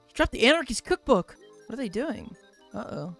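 A man giving casual let's play commentary on a game, animated and quick to yelp and laugh. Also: very high voice, creaky, faint music behind. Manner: animated, yelps and laughs, swears in surprise. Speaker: gaming YouTuber.

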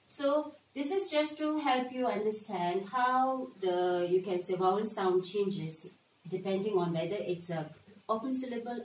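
A woman's voice: mid-range voice, a little mellow, far from the mic, slight background noise. Patient teacher woman in an echoey room. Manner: patient, repeats words slowly, frequent "right?" checks. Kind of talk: classroom lesson for children.

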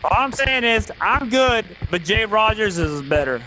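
A man's voice: sits high, animated, moderate pace, music in the background, low-quality recording. A man chatting in an online shooter game, joking crudely and rambling with fillers. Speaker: gamer in voice chat. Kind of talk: casual game voice chat. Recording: loud gunfire over voice chat.

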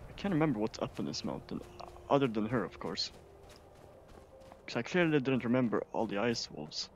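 A man from Sweden giving casual, excitable gameplay commentary as a streamer, swearing often. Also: medium pitch, normal speed, lo-fi sound, slight background noise. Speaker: gaming streamer.

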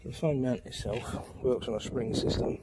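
A man talks his way through a fitting job in a chatty, unscripted way, full of ums and little asides. His voice sits at a middling pitch. He is recorded outdoors beside a motorbike, with clear background noise and passing vehicles behind him. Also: normal speed. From United Kingdom. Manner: chatty, lots of ums and fillers. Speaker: vlogger demonstrating an install. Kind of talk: casual how-to talk.

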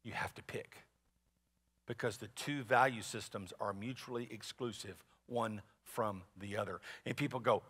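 A man preaching a sermon as pastor, in a conversational, animated way with asides to the congregation. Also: mid-range voice, a little slow, breathy edge. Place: large church sanctuary. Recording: long reverb of a church hall.

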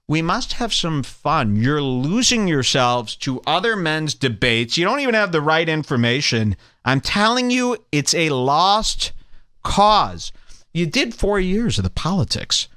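A man's voice: fairly high pitch, bright, forceful tone, no echo. A man hosting a podcast, delivering a sarcastic, mock-preachy comedic rant in a close, dry studio recording. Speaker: podcast host. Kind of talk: ranting comedic monologue.

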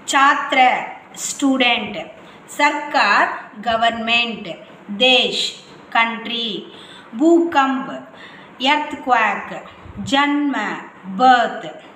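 A woman teacher, slowly drilling vocabulary word by word in a revision lesson. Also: on the high side, animated, pushed and bright, a little hiss or hum. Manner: slow, repetitive word-by-word drilling. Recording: echoey room with faint ambience.

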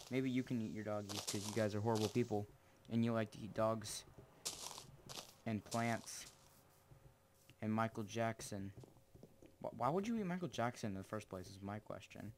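A teenage boy hosting his own gaming channel, rambling through gameplay commentary with jokes and sudden excited yelps. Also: on the low side, normal speed, pauses often, noisy background. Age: teens.

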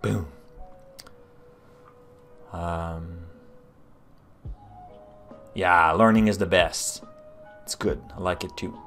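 Speaking very slowly and pausing often, this low-voiced man sounds animated and fairly bright, with faint music in the background. He has a Quebecois French accent and chats casually on a live stream as he codes, reasoning aloud and fielding chat questions amid many fillers and restarts.

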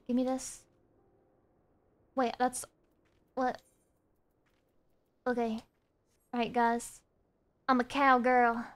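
Excitable high-voiced woman streamer. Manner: excitable, laughing, loud outbursts. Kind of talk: live game playthrough chat.

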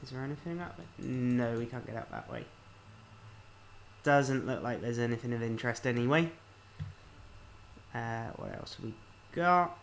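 A man casually commenting on a video game as he plays, reading the on-screen text aloud and thinking out loud. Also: medium pitch, moderate pace, creaky, long pauses, slight background noise. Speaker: let's-play host.

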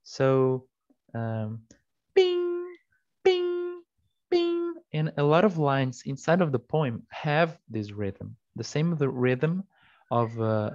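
Man, Portuguese native, student presenting a poem, self-correcting, mid pitch, dull lo-fi audio. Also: darkish tone. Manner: explanatory, with fillers and self-corrections. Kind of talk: class presentation.

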